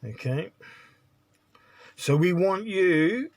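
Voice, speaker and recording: A man's voice: sits high, animated, very slow. A man giving a spiritual monologue as a teacher, blunt and lecturing, often checking in with "right?".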